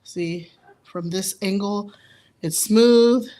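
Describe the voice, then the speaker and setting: A woman's voice: medium pitch, extremely slow, warm tone. A young woman nail artist giving a casual live tutorial, chatty and laughing at her own slips.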